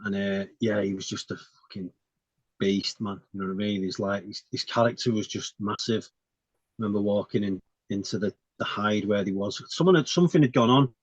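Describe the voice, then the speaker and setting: A man's voice: lowish voice, normal speed, slightly rough, dry recording. A man, a guest on the show, telling his army story in casual chat. He laughs often, swears, and keeps asking "you know what I mean". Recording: dull, dry recording.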